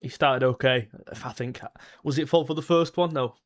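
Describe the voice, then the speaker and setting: A young man, reacting live to a football match, blunt and frustrated, jumping to excited shouts at chances. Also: medium pitch, normal speed. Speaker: football fan streamer. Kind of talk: live match watchalong commentary.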